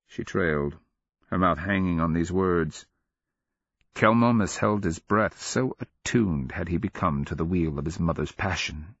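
A man narrating a fantasy audiobook in a steady, measured storytelling manner. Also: deep voice, breathy edge, no echo, highs cut off.

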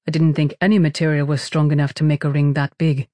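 A man's voice: on the high side, level tone, quick pace, warm tone, dry recording, natural voice. A narrator voicing a skeptical male crew member in a plain, doubtful tone.

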